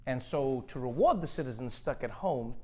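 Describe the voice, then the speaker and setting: A man's voice: mid-range voice, lively intonation, normal speed, mellow. A man hosting a comedic news monologue, delivering jokes with sarcasm. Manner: joking, sarcastic delivery with acted-out bits. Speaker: comedy host.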